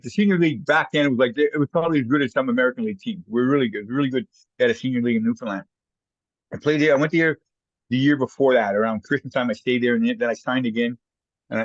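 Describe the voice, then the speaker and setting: A man's voice: mid-range voice, dry recording, muffled recording. A Canadian man, a former hockey player, telling stories casually as a guest and acting out the voices of people he quotes. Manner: animated anecdotes, acts out quoted voices. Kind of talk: casual storytelling.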